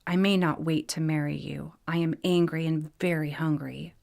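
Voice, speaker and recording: A proud, hot-tempered winged male warrior gives short, commanding lines, as a woman narrator reads him. The voice is fairly low and clipped, like a fantasy audiobook. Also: steady tone, normal speed, creaky, darkish tone. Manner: terse and commanding.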